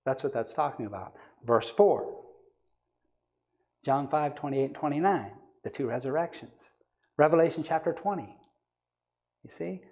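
A man's voice: a little high, normal speed, pauses often, a little mellow, muffled recording. A man preaching a Bible study sermon, reading scripture aloud and then explaining it with emphasis.

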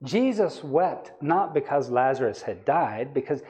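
Preacher man with a mellow voice. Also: medium pitch, animated, a little slow. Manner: reads scripture aloud then explains it emphatically. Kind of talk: Bible study sermon.

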